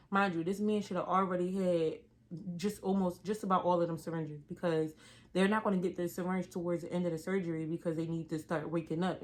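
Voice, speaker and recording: A young adult woman telling a story from her job in a casual vlog, animated and slangy, with a lot of emphasis. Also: lowish voice.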